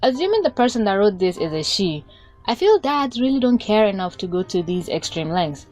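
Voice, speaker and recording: A woman's voice: medium pitch, very animated, fairly quick, darkish tone, soft background music. A woman giving sarcastic, casual commentary for her video, swearing freely. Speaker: YouTube commentator.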